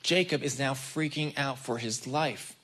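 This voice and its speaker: A man's voice: mid-range voice, a little slow, sharp tone, slight background noise. A man preaching a conversational sermon, talking straight to the congregation and acting out the people in the story. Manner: casual and chatty, addresses the congregation directly. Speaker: guest preacher.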